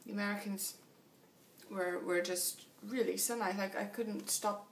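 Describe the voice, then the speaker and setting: A woman's voice: medium pitch, fairly even intonation, measured pace, far from the mic, slight background noise. A tired woman chatting casually in a video diary about her cycling trip, laughing often, in a small motel room. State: tired after a long flight. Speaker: long-distance cyclist vlogging.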